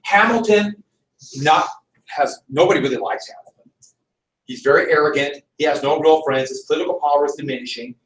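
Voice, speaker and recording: A man's voice: a little high, fairly quick, fairly bright tone. A man teaching a history class, lecturing emphatically and firing rhetorical questions at the students. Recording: echoey room, from far off.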